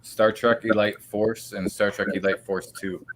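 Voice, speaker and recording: Relaxed Canadian host, lower voice. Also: male voice, measured pace, a little hiss or hum, low-quality recording. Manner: relaxed, rambling, with fillers. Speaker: stream host. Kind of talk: casual live-stream chat.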